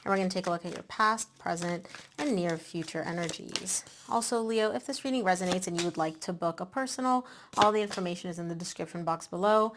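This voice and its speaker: A woman host giving a casual tarot reading, chatty and animated, a bit out of breath. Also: on the low side, quick pace, background noise. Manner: chatty, animated, with many "like" and "um" fillers. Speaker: tarot reader.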